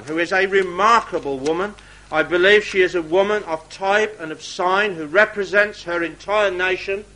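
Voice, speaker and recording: High bright-voiced man preaching. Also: poor audio. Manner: reads scripture aloud in archaic wording, drops to quiet asides. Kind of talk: sermon with scripture reading.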